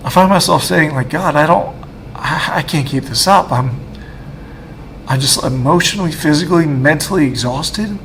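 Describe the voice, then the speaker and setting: A man in his thirties giving a personal faith testimony, halting and emotional, with many restarts. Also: a little high, a bit bright, slight background noise. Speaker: guest speaker.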